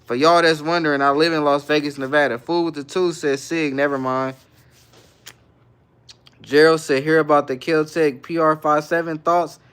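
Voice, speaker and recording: Reading out viewers' comments one by one and responding, this young Bay Area livestream host keeps things relaxed and full of slang. His fairly high, fairly bright voice is smooth and steady at a normal speed.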